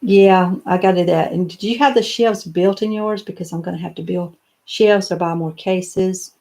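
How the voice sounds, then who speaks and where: A woman's voice: on the low side, fairly even intonation, moderate pace, a little mellow. An older woman, chatting casually on a live stream and answering viewer comments, rambling a little with lots of fillers and restarts. She is in a home office lined with doll showcases.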